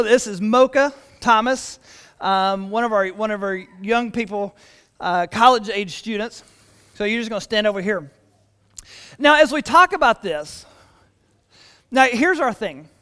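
Animated pastor preaching. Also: male voice, sits high, unhurried, pauses often, clear, resonant tone, big-room sound. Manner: animated storytelling with repeated restarts. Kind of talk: sermon. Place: church.

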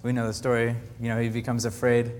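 A man's voice: medium pitch, completely flat delivery, darkish tone, a little hiss or hum. Earnest young man in a reverberant hall. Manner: earnest, halting, with many restarts. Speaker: camp counselor giving a faith talk. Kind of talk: personal faith testimony to a group.

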